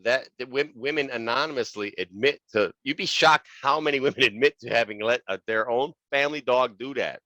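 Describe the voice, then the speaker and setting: A man's voice: mid-range voice, a little fast, hardly any pauses, pushed and bright, no echo, highs cut off. A man co-hosting a comedy podcast, talking bluntly with lots of swearing and "bro" in casual banter. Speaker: podcast co-host.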